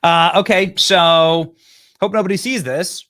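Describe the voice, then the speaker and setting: A man's voice: high-pitched, steady tone, unhurried, sharp tone. A man hosting a political commentary show, mocking and sarcastic, with frequent fillers.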